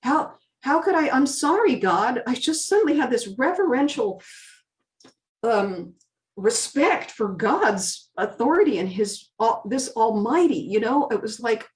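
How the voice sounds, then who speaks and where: A middle-aged woman giving an interview guest's emotional testimony, earnest and fervent, her voice rising high with feeling and then falling quiet. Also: big pitch swings, unhurried, far from the mic.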